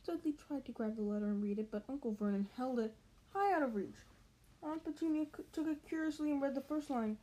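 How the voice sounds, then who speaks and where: A woman's voice: sits high, a little fast, mellow, rough recording. Woman casually reading a novel aloud. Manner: casual, with slips and restarts. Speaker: reader.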